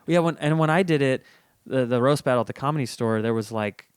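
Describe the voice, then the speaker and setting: A man's voice: medium pitch, fast, smooth, dry recording, clean studio sound. A young man hosting a casual podcast chat, rambling through stories and laughing often. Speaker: podcast host.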